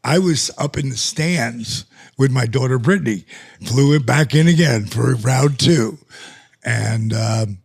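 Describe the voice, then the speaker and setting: An older man as a podcast guest, telling stories in a casual, animated way and acting out the conversations. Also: mid-range voice, unhurried, vocal fry, husky. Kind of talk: casual storytelling. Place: lives in the US.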